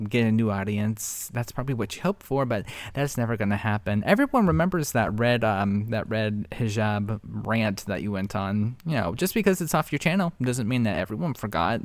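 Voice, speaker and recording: A man's voice: on the low side, animated, normal speed, few pauses, dry recording. A man giving casual, sarcastic commentary while reacting to a video. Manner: sarcastic, chatty.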